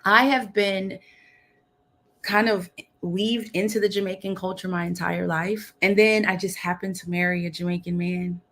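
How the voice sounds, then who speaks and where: A woman's voice: fairly low pitch, steady tone, moderate pace, fairly bright tone. A bubbly, upbeat young woman from Dallas, Texas, chatting casually as a talk show guest and laughing often. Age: young adult. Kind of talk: casual chat. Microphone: video call.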